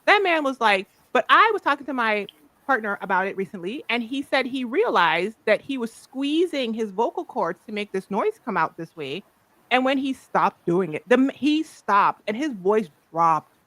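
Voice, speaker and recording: A woman's voice: fairly high pitch, sing-song, normal speed, a bit bright, dry recording. A playful woman from the Virgin Islands hosting a casual chat as a life coach. She jokes, laughs often and talks loosely to her viewers.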